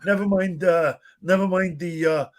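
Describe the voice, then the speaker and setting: A man's voice: high voice, fairly even intonation, moderate pace, pitched above the performer's own voice, close to an everyday voice. A British man putting on a bad American accent to play a panicky, blustering male politician. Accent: fake American, vaguely southern. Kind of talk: mocking impression in podcast chat.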